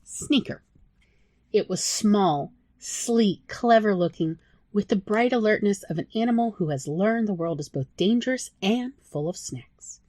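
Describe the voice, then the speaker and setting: Woman, audiobook narrator, soft emotional storytelling, dry close mic. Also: mid-range voice, lively intonation, unhurried, no room sound. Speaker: author reading own story.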